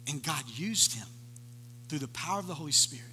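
A man preaching a sermon, retelling a story with animated voices for the people in it. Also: on the high side, brisk, in a large hall, a little hiss or hum. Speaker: pastor.

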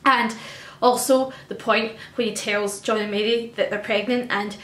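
Gushing woman, higher voice. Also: fairly even intonation, normal speed, a bit bright, reverberant, a little hiss or hum. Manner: gushing, emotional and effusive. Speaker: vlogger. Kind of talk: casual fan chat to camera.

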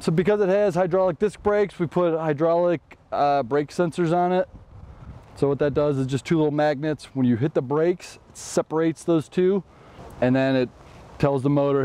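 A man's voice: fairly high pitch, moderate pace, warm tone, smooth. A man from Chicago hosting his own channel, chatting casually and jokingly as he walks through a custom bike build. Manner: joking, chatty, playful asides. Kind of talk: casual product walkthrough vlog.

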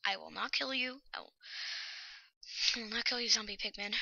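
A woman giving excitable, anxious gameplay commentary, often dropping to a whisper. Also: fairly high pitch, brisk, gravelly, dry recording, lo-fi sound. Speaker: let's play host.

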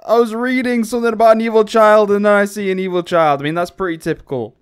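A young man with a high voice talks his way through a horror game. He mutters nervously to himself, then breaks into panicked yelling when something jumps out. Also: steady tone, fast, smooth. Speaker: gaming YouTuber.

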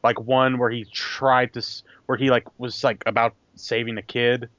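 A young man speaking as a podcast guest, halting and restarting as he searches for words. The recording is dry, with a dull, lo-fi sound. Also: medium pitch, level tone, fairly bright tone, no room sound. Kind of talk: casual chat.

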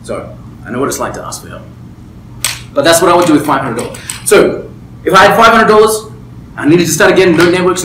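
Male business mentor, slightly raised pitch, emphatic, candid, echoey room with faint ambience. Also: a little hiss or hum. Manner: emphatic, keeps checking in with "right?"; candid personal storytelling. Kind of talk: motivational talk to a small group. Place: room with a table and a small group.

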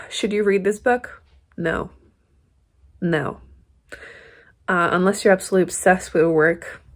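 A young woman with a lowish, slightly breathy voice vlogs from home in a casual chat. She rants bluntly about a book and switches to cooing baby talk for her kittens.

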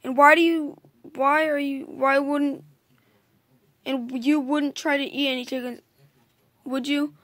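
A woman voicing a male wolf who leads a gang, reading haltingly in a high voice. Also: steady tone, a bit bright, no echo. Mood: leading, suspicious. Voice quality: read aloud haltingly.

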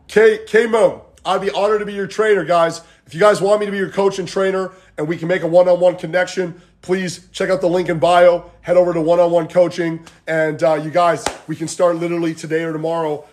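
A man's voice: a little high, level tone, a little fast. A man coaching fitness over a livestream from home, chatting casually in a rambling, motivational way, saying "like" and "guys" a lot. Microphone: phone.

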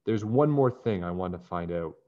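A man voicing an eager young girl detective who talks in quick, excited bursts. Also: low-pitched. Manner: excited, fast pleading. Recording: dull lo-fi recording.

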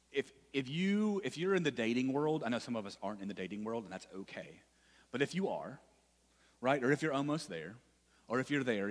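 Male youth preacher, chatty delivery with "right?" asides, mid-pitched voice, reverberant hall. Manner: conversational, repeats phrases, frequent "right?" asides. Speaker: youth pastor. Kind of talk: sermon to students.

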